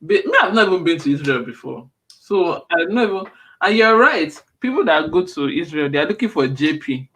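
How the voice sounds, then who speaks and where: Rambling man, higher voice. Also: animated, normal speed, pushed and bright, a little hiss or hum. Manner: rambling, restarts often. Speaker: podcast co-host. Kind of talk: casual chat.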